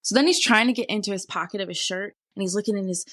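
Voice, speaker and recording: A woman co-hosting a podcast, telling a story in animated casual chat, swearing freely and acting out what people said. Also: mid-range voice, fast. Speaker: podcast co-host.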